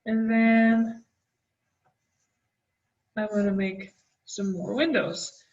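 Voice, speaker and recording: A woman art teacher talking children through a drawing, gentle and encouraging as she draws. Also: mid-range voice, steady tone, very slow, distant mic. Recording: dull, roomy, from the mic.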